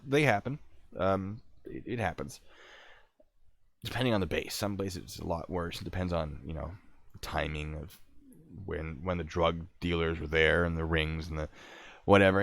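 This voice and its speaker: A man casually telling a military story to his stream, animated and acting out what people said. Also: low-pitched, no echo. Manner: animated, acts out quotes, restarts.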